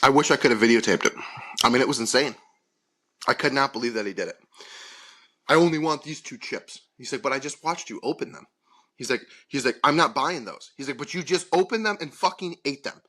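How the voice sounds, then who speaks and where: A man's voice: medium pitch, expressive, fairly quick, a bit bright. Profane, exasperated man telling a story. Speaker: podcast co-host. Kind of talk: casual storytelling chat.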